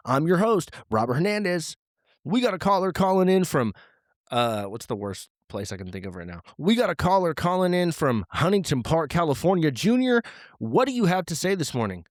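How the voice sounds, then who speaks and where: Man as pumped-up morning radio DJ, high and loud. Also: sing-song, normal speed, no room sound, studio quality. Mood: hyped. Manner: loud, bright, pitched-up radio announcing.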